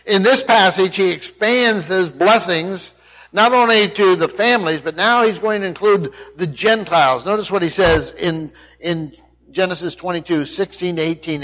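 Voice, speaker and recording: A man's voice: high-pitched, moderate pace, a bit bright, highs cut off. A man preaching a verse-by-verse Bible lesson who explains each point and puts questions to his listeners. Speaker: Bible teacher. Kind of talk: verse-by-verse sermon teaching.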